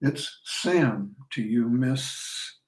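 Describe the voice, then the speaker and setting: A man's voice: medium pitch, animated, very slow. A man reading as an easygoing frontier general. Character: tall, confident frontier general, amused and easygoing. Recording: roomy sound from a distant mic.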